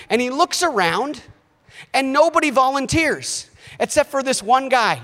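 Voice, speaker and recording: A man in his thirties, a missionary preaching a sermon in an animated way, acting out voices. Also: very high voice, unhurried, long reverb tail. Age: 30s. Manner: animated, acts out quoted voices.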